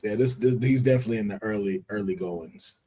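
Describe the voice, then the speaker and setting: A man's voice: fairly low pitch, fast talker, mellow, slightly rough. A man with a Southern US accent, co-hosting a casual chat and leading the picks. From Southern United States. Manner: laid-back, leads the picks. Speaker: podcast co-host.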